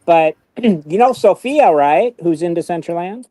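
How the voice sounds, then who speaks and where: A man co-hosting a livestream chat, teasing the others and halting with restarts. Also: high-pitched, animated, dark tone, no echo.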